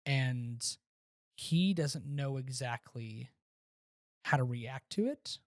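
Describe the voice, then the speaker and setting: A man co-hosting a podcast, casually reviewing a movie and retelling scenes with animated restarts. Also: medium pitch, no echo, clean studio sound. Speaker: podcast co-host.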